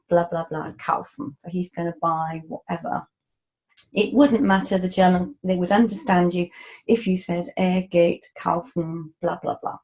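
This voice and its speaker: A woman teaches German in a relaxed, patient way, pausing for casual asides. She speaks slowly, and her voice is mellow and warm. She comes across as an unhurried tutor. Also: medium pitch, rough recording. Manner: slow, patient explanations with casual asides and fillers. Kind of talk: relaxed spoken language lesson.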